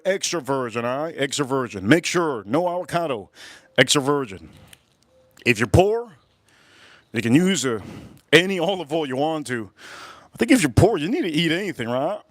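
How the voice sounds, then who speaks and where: A man's voice: a little high, no echo, studio quality. Rambling, profane middle-aged man. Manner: rambling, profane, repeats himself. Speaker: cooking livestream host. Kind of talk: casual live cooking chat and storytelling.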